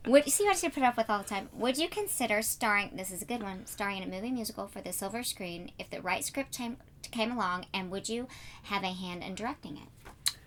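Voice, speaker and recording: A woman's voice: medium pitch, a little fast, a little hiss or hum. A woman interviewing a guest in a trailer on a TV set, bubbly and teasing, with playful asides.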